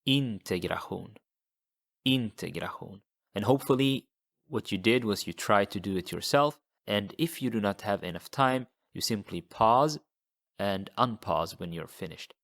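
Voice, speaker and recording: Slow, patient male language teacher. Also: fairly low pitch, gravelly, fairly bright tone. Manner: patient, repeats model words slowly for learners. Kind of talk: slow, deliberate language lesson.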